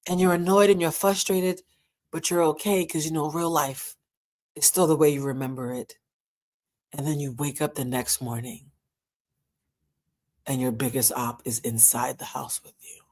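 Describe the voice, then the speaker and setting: A woman commenting on a reality show in a candid, emotional way, with dramatic pauses and moments of being moved. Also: low-pitched, steady tone, darkish tone.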